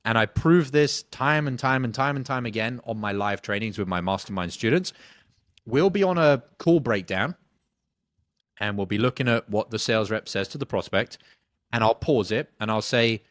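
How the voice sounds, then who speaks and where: A man, a sales coach answering interview questions bluntly, swearing casually and telling animated stories. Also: mid-range voice, moderate pace, dry recording, studio quality.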